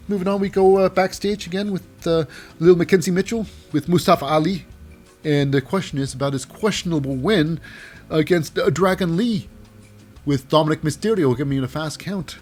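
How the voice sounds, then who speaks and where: A man's voice: fairly high pitch, moderate pace, darkish tone, soft background music. Rambling man recapping wrestling casually. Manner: rambling, chatty, many fillers.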